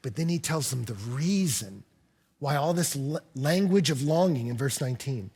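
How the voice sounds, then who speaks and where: A male pastor delivering an impassioned sermon in a church, swinging between hushed, quiet phrases and loud, emphatic lines. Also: medium pitch, animated, normal speed, breathy edge.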